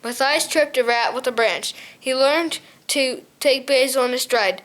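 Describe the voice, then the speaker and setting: A woman's voice: high voice, unhurried, a bit bright. A woman reading a novel chapter aloud as a storybook narrator, often stumbling and correcting herself. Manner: reads with frequent stumbles and self-corrections. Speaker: audiobook reader.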